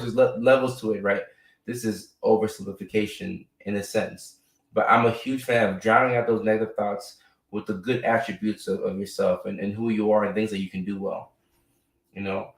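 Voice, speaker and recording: Low-voiced man on a casual live stream. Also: steady tone, moderate pace, far from the mic. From United States. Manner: conversational, frequent "right?" and fillers. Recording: echoey room, a bit off-mic.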